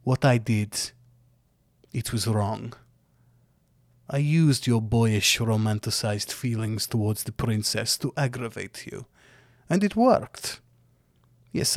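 A man's voice: medium pitch, dry recording, clean studio sound. A man voicing an arrogant, boastful male villain wrestler who taunts with sneering, grandstanding speeches.

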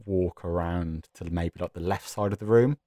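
Deep-voiced man player, hesitant. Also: moderate pace, mellow, no echo. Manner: hesitant, filler-heavy. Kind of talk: playing a tabletop game.

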